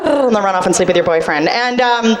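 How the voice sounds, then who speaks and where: A woman from Boston performing a stand-up comedy set, talking fast and making fun of herself. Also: mid-range voice, expressive, heavy background noise. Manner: rapid, self-mocking, acts out other people's voices. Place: comedy club stage. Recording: live club set with loud audience.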